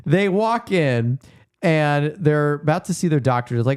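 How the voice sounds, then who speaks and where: A man's voice: fairly high pitch, animated, moderate pace, darkish tone, clean tone, no room sound, studio quality. A man co-hosting a casual movie podcast, retelling scenes by acting out the characters' lines. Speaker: podcast co-host. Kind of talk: casual movie-recap chat.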